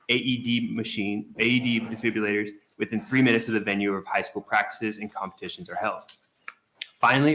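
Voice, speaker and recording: A state senator presents his bill in a low, bright, forceful voice. He reads from a prepared statement and stumbles on a word here and there. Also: slight background noise. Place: legislative hearing room.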